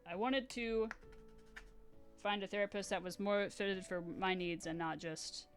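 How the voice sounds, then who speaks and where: A woman's voice: mid-range voice, measured pace, faint music behind. Rambling young woman streamer, chatty. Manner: rambling, animated storytelling with acted-out quotes and laughter. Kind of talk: casual chat while painting on a live stream.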